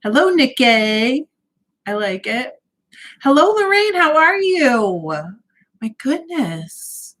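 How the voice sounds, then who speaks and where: A woman's voice: high voice, very animated, slow pace, a bit bright. Cheerful woman greeting livestream viewers. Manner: cheerful, greets viewers by name, laughs often. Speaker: livestream host. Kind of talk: casual livestream chat, reading out comments. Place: home.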